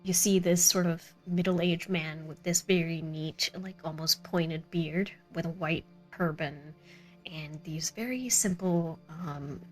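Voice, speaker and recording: A woman's voice: low voice, slow pace, faint music behind. A woman as game master, narrating a tabletop game in a chatty way and laughing often.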